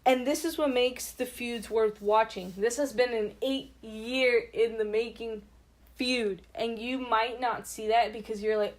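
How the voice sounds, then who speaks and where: A woman co-hosting a podcast in casual chat, chatty and animated, with many fillers and restarts. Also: fairly high pitch, unhurried. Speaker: podcast co-host.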